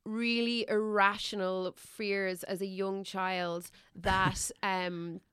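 A woman in her forties hosts a relaxed conversation, chatty and quick to laugh. Her voice is smooth and clear, and the recording is dry and close. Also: mid-range voice, dry recording. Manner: easygoing, chatty, laughs often. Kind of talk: casual chat.

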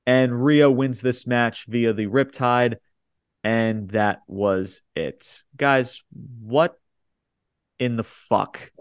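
A man's voice: mid-range voice, steady tone, extremely slow, clear, resonant tone, dry recording, clean studio sound. Blunt, swearing man recapping wrestling. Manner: blunt, swears freely, recaps with quoted lines. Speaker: podcast co-host. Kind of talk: casual wrestling review chat.

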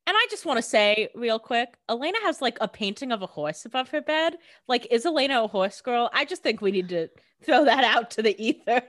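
Playful woman co-host with a lively voice. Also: fairly high pitch, a little fast, few pauses. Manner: playful, joking asides, laughs often. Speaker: podcast co-host. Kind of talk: casual TV recap chat.

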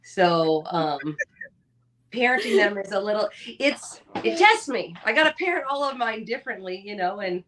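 Candid, animated mother of four. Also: medium pitch, normal speed, background noise. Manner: candid, animated storytelling with mild swearing. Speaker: podcast co-host. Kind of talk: casual chat.

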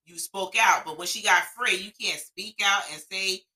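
A woman co-hosts a podcast in casual chat, offering blunt, opinionated takes with some swearing. Her medium-pitched voice is bright and forceful at a normal speed, and the recording is rough.

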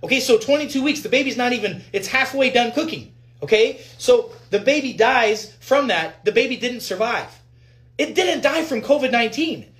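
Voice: medium pitch, expressive, moderate pace, a bit bright. Fired-up physician ranting at viewers. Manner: fired up, emphatic, repetitive, swears; addresses viewers directly. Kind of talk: ranting commentary on news articles.

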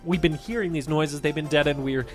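A man's voice: fairly high pitch, a little fast, over music. A man running a tabletop role-playing game as game master, narrating scenes, laughing often and jumping into character voices. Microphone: studio mic.

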